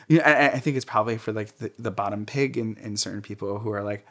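A man's voice: fairly low pitch, a little fast, a bit bright. A young man being interviewed, telling candid personal stories in a chatty way, with many fillers and frequent laughter.

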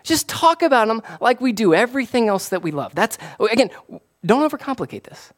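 A man, a pastor, preaching a casual, conversational sermon that rises to excited emphasis. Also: extremely high pitch, a little fast. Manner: animated, rising to excited emphasis.

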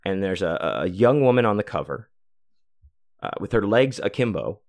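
Man in his forties, podcast host, low voice, dry close sound, rambling and profane storyteller. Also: big pitch swings, normal speed, darkish tone, no room sound. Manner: rambling, profane, many fillers. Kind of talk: casual storytelling monologue.

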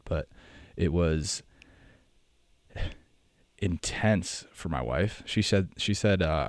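Young American male podcast host, very low voice, dry close sound, loose rambling delivery. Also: darkish tone, no echo. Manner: rambling, self-correcting, chatty. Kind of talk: casual monologue.

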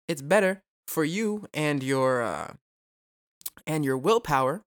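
A young man hosting a solo podcast, talking fast and casually with a lot of swearing, rambling off on tangents and throwing in self-mocking jokes. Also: a little high, lively intonation, fairly bright tone. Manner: rambling, profane, goes off on tangents; jokey, self-mocking asides. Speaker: podcast host.

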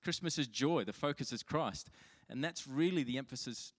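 A man's voice: medium pitch, animated, normal speed. A man preaching a sermon as pastor, telling stories in a chatty, self-mocking way with frequent restarts. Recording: long hall reverb.

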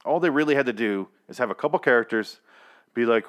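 A man talks through a TV episode he watched, in loose, rambling sentences. He gets exasperated and swears as he retells the confusing scenes. His voice sits at an ordinary middle pitch. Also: lively intonation, fairly quick, fairly bright tone. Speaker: TV episode reviewer. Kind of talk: casual recap and review.

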